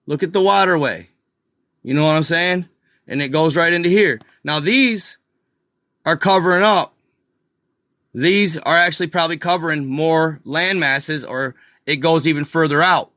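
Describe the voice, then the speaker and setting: A man's voice: a little high, moderate pace, sharp tone, no room sound, clean studio sound. A man hosting a live stream, rambling casually over a map, calling his viewers y'all and muttering exasperated asides to himself. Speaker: channel host.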